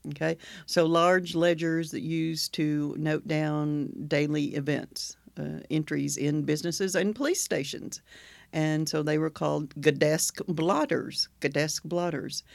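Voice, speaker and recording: A man's voice: on the high side, creaky, no room sound. A man from Oklahoma co-hosting a casual podcast, chatty and explaining at length with frequent laughs. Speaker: podcast co-host. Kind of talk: casual chat.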